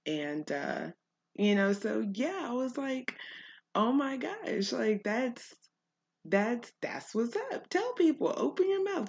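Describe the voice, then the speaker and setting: Laughing woman podcast host, gravelly and slow. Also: mid-range voice, a little mellow, highs cut off. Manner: chatty, laughs often, many fillers. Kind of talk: casual storytelling monologue.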